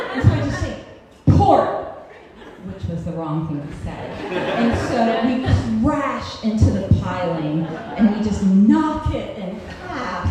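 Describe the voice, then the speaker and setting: A woman in her thirties performing a live personal story on stage, wry and self-mocking, often laughing through her lines. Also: mid-range voice. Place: cultural center hall, on stage. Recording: echoey live hall recording with faint hiss.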